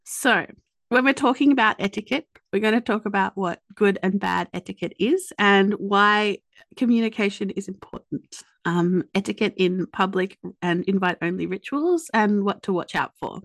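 A woman with an Australian accent hosting a podcast, chatty and quick to joke at her own expense. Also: medium pitch, fairly bright tone, dry recording. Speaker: podcast host. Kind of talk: casual podcast chat and scripted intro.

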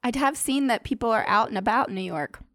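A woman's voice: a little high, lively intonation, fast talker, fairly bright tone, dry recording, studio quality. A woman co-hosting a comedy podcast in casual chat, telling a story, laughing often and trailing off and restarting. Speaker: podcast co-host.

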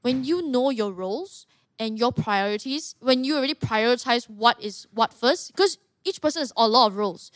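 A young woman from Malaysia, a fighter telling stories as a guest in a casual interview, animated and quick with asides. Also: fairly high pitch, no echo, clean studio sound. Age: young adult. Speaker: guest, mixed martial artist.

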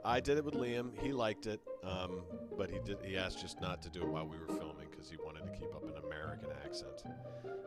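A man's voice: low-pitched, brisk, over loud music. A man, a comedian and impressionist, chatting playfully on a podcast as a storyteller. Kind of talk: casual podcast chat.

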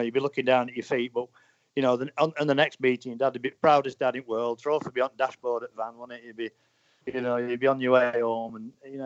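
A man's voice: medium pitch, dry recording. A man in his forties, a motorcycle racer, chatting casually in a rambling way with many "you know"s. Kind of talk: casual chat. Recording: dull lo-fi dry sound.

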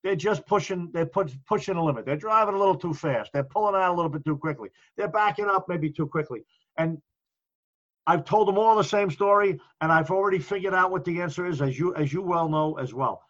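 Fast-talking man, dull lo-fi sound. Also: high-pitched, fairly bright tone. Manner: fast, earnest, acts out orders to crews. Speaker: podcast co-host, fire service officer. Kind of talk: casual podcast talk.

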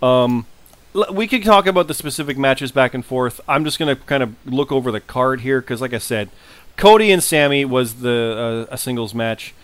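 Chatty male podcast co-host, mid pitch, dead-dry recording. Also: dry recording. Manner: talkative, quick to jump in. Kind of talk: casual chat.

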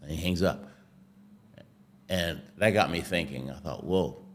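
A man's voice: very deep voice, unhurried. A man, a former athlete and interview guest, telling stories animatedly and acting out what others said. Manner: animated, acts out quotes, laughs often. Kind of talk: storytelling interview.

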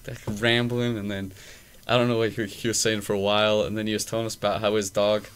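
A man's voice: on the low side, flat delivery, quick pace, clear, resonant tone. A young man hosting a podcast, telling a loose, profane story full of fillers in casual chat. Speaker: podcast host. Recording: faint background noise.

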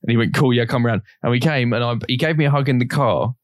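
Young man, podcast co-host, rambling storyteller, mid pitch, dry. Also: fast talker, dry recording. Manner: rambling storyteller, swears a lot. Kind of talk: casual chat.

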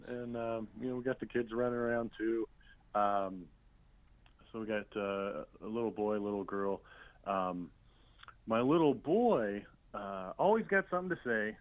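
A man with a lowish voice tells comic family stories as an interview guest, dry and deadpan, full of "uh" and "you know." The sound is dull and slightly lo-fi. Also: measured pace, dry recording. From Illinois. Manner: deadpan storyteller with many fillers and restarts. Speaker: comedian guest. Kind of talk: telling comic anecdotes in an interview.

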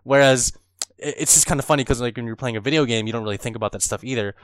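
A man in casual chat about a video game, animated and excitable, telling stories and laughing often. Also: medium pitch, racing, smooth, no room sound, studio quality. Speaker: co-host discussing a video game.

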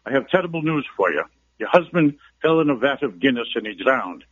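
A man's voice: medium pitch, very animated, a little fast, slightly rough, no echo. A man telling a joke, voicing an Irish brewery man who breaks sad news to a widow, over a muffled phone line. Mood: deadpan. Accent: put-on Irish. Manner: storytelling joke delivery.

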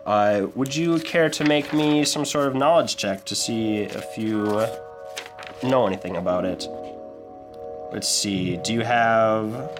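A man narrating as game master of a tabletop game, casual with many fillers. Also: medium pitch. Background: music.

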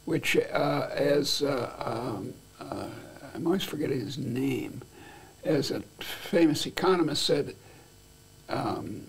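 A man's voice: medium pitch, animated, takes it slowly, creaky, breathy edge. An older man as an interview guest, talking in a rambling, playful way with many restarts. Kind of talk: conversational interview.

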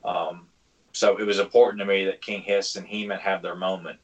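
A man with a low voice co-hosts a casual fan podcast. He rambles through his opinions and fills the gaps with "you know" and "like". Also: flat delivery, brisk, lo-fi sound. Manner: rambling, many fillers, opinionated. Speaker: podcast co-host.

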